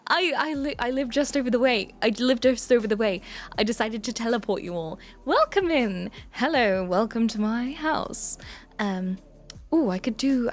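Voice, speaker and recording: A woman's voice: high-pitched, fairly bright tone. A young woman streaming live as a prim, self-important evil alter ego, with theatrical, old-fashioned phrasing. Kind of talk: live stream character chat.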